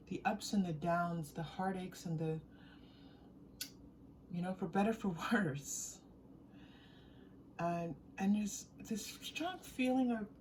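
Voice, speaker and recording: A woman's voice: lowish voice, slight background noise. Giggly woman giving a tarot reading. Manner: giggly and warm, often breaking into laughter; chatty, repeats phrases while thinking aloud. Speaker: tarot reader. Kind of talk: intuitive tarot reading to viewers.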